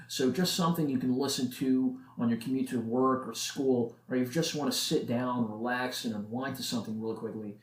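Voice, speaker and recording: Young man, late teens, podcast host, earnest motivational talk, middle pitch, roomy echo. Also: a little mellow. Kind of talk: solo podcast monologue. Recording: echoey room.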